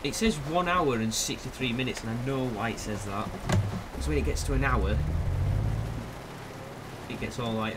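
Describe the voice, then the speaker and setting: A young British man chatting excitedly to himself while commenting on a truck-driving game. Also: medium pitch, moderate pace, pauses often. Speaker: gaming video host. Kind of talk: casual gameplay commentary. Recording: loud game rain and engine noise. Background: truck game sounds, rain, reversing beeps.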